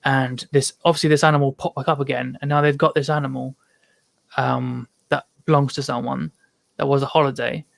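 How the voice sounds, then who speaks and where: Gravelly man telling rambling stories. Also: mid-range voice, flat delivery, fairly quick, dry recording. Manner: rambling storytelling with many ums. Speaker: podcast guest. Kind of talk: casual chat.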